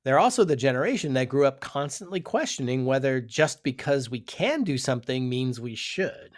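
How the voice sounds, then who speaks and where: A man's voice: mid-range voice, animated, normal speed. A man co-hosting a podcast in casual scripted banter, upbeat and reading segues and sponsor lines. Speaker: podcast co-host.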